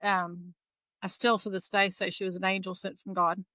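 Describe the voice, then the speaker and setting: A middle-aged woman, a guest in an interview, telling her own story in a casual, lively way and acting out the voices of the people in it. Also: mid-range voice, moderate pace, no room sound, poor audio. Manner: lively retelling that acts out quoted dialogue.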